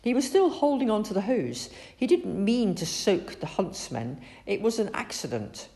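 A woman reads a children's story aloud, expressive and animated. Her mid-range voice is gravelly, and she keeps a moderate pace.

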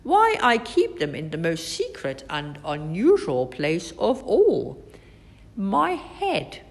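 Know-it-all scientist guy, flat lecturing tone, a lady reading him. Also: lowish voice, takes it slowly, heavily acted. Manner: matter-of-fact, lecturing. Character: know-it-all male scientist who over-explains.

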